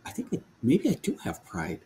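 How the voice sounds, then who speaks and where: A man's voice: lowish voice, fairly quick. Storytelling man on a video call. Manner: lively storytelling with frequent laughs and restarts. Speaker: guest, worship leader. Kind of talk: remote video call interview. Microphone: video call microphone.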